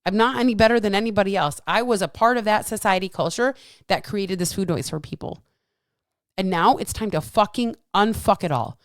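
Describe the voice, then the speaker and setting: A woman's voice: mid-range voice, a little fast, no room sound, studio quality. A woman, a fitness coach hosting a solo podcast, talking bluntly with lots of swearing and emphatic repeats. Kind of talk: casual solo podcast talk.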